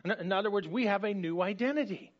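A man's voice: high voice, quick pace. A male pastor, giving a conversational, emphatic sermon with frequent restarts. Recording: dull lo-fi recording.

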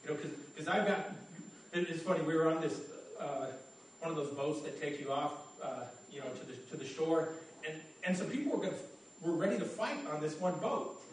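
Heard from far off in a reverberant room, this pastor's sermon comes in a slightly high, brisk male voice with a touch of hiss or hum. He stays earnest and conversational, stammering and repeating his first words as he goes.

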